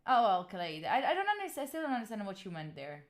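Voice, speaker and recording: This young woman from Italy streams live, chatting with viewers in Italian-accented English. Her voice sits in the mid-range and she talks fast, staying animated and frank, cursing freely and responding to chat messages.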